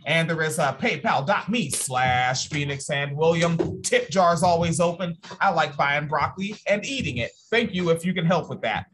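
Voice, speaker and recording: Casting: loose, swearing host in casual podcast banter, mid pitch. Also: moderate pace, hardly any pauses, noisy background. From Washington State. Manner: profane, animated and rambling.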